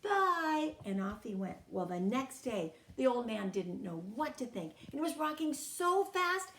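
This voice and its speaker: Brief: high, very lively woman reading a kids' tale aloud, echoey room. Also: moderate pace, slight background noise. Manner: animated and expressive. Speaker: storyteller. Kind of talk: telling a children's story.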